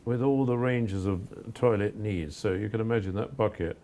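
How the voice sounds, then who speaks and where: Older male photographer from England, gravelly and mellow, earnest and reflective. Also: fairly low pitch, a little hiss or hum. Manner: earnest, measured, with frequent restarts. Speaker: photographer guest. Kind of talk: reflective interview answers.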